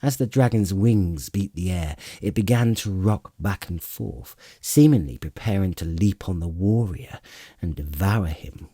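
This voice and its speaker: Deep husky male audiobook narrator. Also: no echo, clean studio sound. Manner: expressive, measured storytelling. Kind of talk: scripted fantasy narration.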